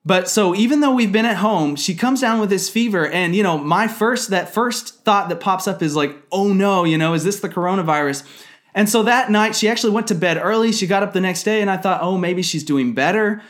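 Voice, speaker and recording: A man's voice: high-pitched, lively intonation, brisk, few pauses, fairly bright tone. A man in his thirties giving an earnest, conversational sermon testimony about his family, with frequent fillers. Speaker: ministry leader.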